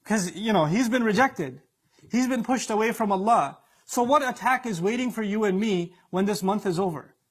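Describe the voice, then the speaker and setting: A man's voice: sits high, normal speed, husky. A man preaching a sermon with emphatic delivery, acting out the voices he quotes.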